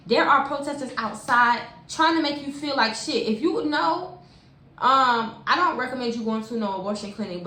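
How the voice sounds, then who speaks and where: A young woman telling a personal story in a casual, animated way, using lots of slang and talking straight to her viewers. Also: fairly high pitch. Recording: echoey room with faint hiss.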